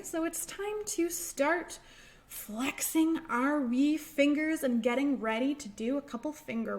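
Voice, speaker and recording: A gentle, encouraging woman librarian leads a children's storytime, reading aloud and walking little ones through finger rhymes in a sing-song way. Her voice sits fairly high and she takes her time with every phrase.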